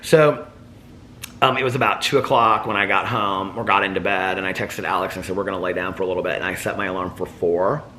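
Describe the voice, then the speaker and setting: Male vlogger, lower pitch with a forceful bright tone; rambling, laughing storyteller who acts out quotes. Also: fairly even intonation, fast talker, slight background noise. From United States. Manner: chatty, laughs often, acts out quoted voices. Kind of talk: casual daily vlog storytelling.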